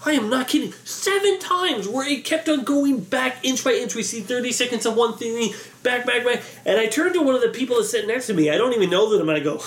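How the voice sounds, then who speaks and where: A man vlogger telling an animated, exasperated story, acting out a crowd yelling. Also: very high voice. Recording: echoey room.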